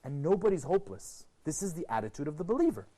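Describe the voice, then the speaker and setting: A man presenting a TV program, giving an expressive motivational lecture to a group and asking rhetorical questions. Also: quick pace. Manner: expressive, rhetorical questions, sweeping pitch swings.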